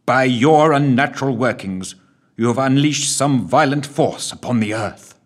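A man's voice: mid-range voice, measured pace, voice pushed up, natural voice. A man voicing a frightened statesman who speaks in trembling, doom-laden tones, in a storybook reading. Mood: fearful. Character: frightened older statesman, shaken and fearful.

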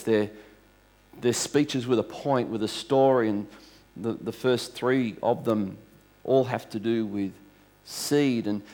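A man's voice: medium pitch, darkish tone. A male pastor preaching a sermon to a congregation in a conversational, storytelling way, restarting phrases as he goes.

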